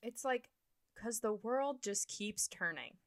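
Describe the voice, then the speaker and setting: A woman co-hosting a podcast, chiming in with quick chatty commentary in casual talk. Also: a little high, lively intonation. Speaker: podcast co-host.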